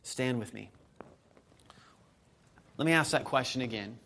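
Man, pastor, thirties, sermon, conversational, emphatic peaks, medium pitch. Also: unhurried, vocal fry, bright, forceful tone.

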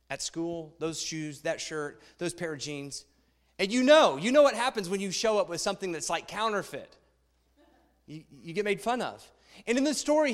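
A male pastor with a high-set voice gives a youth sermon, chatty and lively and asking his listeners questions. His voice rings out with a long hall reverb behind it. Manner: lively, conversational, asks the audience questions. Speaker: pastor speaking to a youth congregation. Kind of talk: sermon with a read-aloud story.

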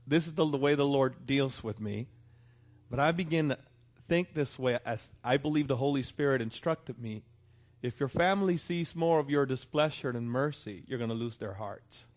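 A middle-aged man preaching a sermon as pastor, animated and asking the congregation for responses. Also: mid-range voice, moderate pace.

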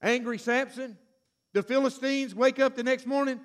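A man preaching a sermon, retelling a story with animated, sudden shouts and acted-out voices. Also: extremely high pitch, normal speed.

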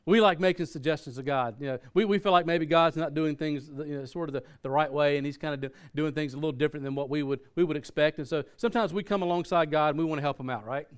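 A man's voice: on the high side, fast, few pauses, clean tone. A man preaching a sermon in a conversational way, often restarting his sentences and using fillers. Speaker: pastor.

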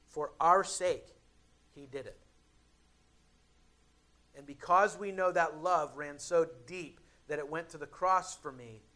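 A young adult male pastor preaching a sermon in a conversational way, with dramatic pauses and emphatic builds. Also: a little high, sharp tone.

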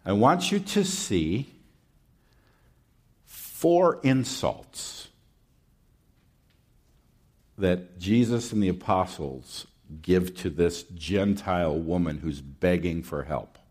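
A man's voice: low voice, lively intonation, slow pace, a little mellow, breathy edge. A man preaching a sermon in a conversational way, with rhetorical questions and folksy asides.

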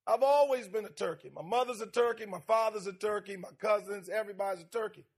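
A man's voice: high-pitched, quick pace, husky. A preacher voicing a young eagle who thinks he's a turkey. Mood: matter-of-fact. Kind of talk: revival sermon storytelling.

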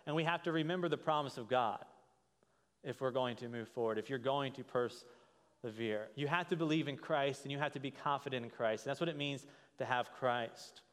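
A pastor preaching a sermon in a conversational way, often checking in with "right?". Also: male voice, medium pitch, normal speed, a bit bright. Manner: conversational, frequent "right?" tag questions. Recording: reverberant hall.

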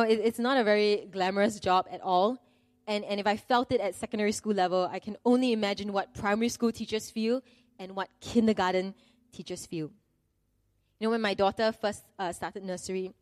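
A woman's voice: medium pitch, dry recording, studio quality. A middle-aged woman, preaching a sermon in an earnest, conversational way with self-deprecating humor.

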